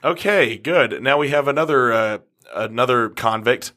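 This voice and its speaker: A man's voice: medium pitch, normal speed, bright, forceful tone. A man hosting a podcast in a recording studio, reading out odd news stories with crude, sarcastic asides and lots of swearing. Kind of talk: casual podcast chat.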